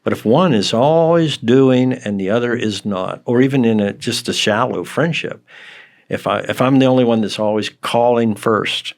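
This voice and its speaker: A man chatting as a podcast guest, explaining in an animated, counsel-like way. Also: medium pitch, normal speed. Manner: animated, acts out quoted dialogue with laughs. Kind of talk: casual conversation.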